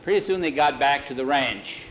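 A man's voice: mid-range voice, animated, normal speed, fairly bright tone, highs cut off, slight background noise. A man reading a western story aloud in a homespun way, often repeating "he says".

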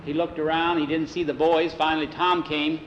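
A man telling a story aloud in a plain, unhurried way. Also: a little high, level tone, dull audio, a little hiss or hum.

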